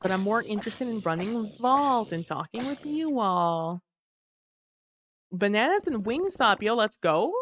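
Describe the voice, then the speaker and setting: A woman streaming a game live, chatting casually with her viewers while she plays, sleepy and relaxed. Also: mid-range voice, measured pace, a little hiss or hum. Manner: relaxed, chatty, muses aloud to chat. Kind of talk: casual live gameplay chat.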